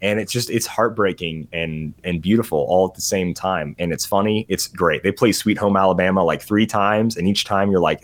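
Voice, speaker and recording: Rambling low-voiced man reviewing movies. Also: normal speed, few pauses. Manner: rambling, easily sidetracked, laughs often. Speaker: podcast host. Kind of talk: casual movie review chat.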